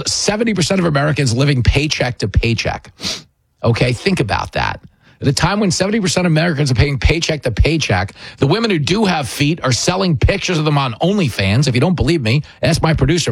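Comedy host, male, sarcastic monologue, lively husky delivery, dry close recording. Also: a little high, no echo. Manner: sarcastic, mocking.

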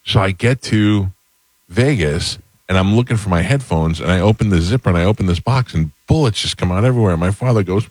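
A man hosting a casual chat, relaxed and laughing along as he rambles through a story. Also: sits low, fairly quick, dry recording.

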